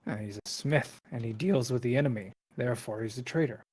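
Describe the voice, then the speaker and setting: A man's voice: mid-range voice, fairly quick, a little mellow, slightly rough, natural voice. A man playing a proud, scornful giant. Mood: bitter. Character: proud wounded male giant, bitter and scornful.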